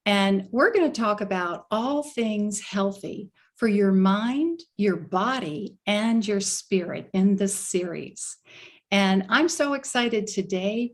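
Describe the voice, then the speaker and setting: Slow, enthusiastic woman host. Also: mid-range voice. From USA. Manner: enthusiastic, gushing. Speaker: summit host, life coach. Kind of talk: online summit interview. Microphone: video call.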